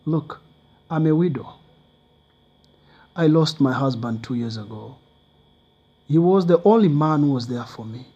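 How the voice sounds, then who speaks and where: A kind widowed fruit seller, voiced by a man who talks gently and encourages. Her voice is a little husky. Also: on the high side, animated, measured pace, long pauses, dull audio, exaggerated voice. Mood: encouraging. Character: kind widowed woman selling oranges.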